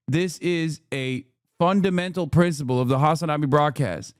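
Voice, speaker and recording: A man's voice: fairly high pitch, normal speed, few pauses, clean tone, dry recording, studio quality. A man hosting a livestream, reacting to a video with mocking, profane rants. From United States. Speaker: livestream host.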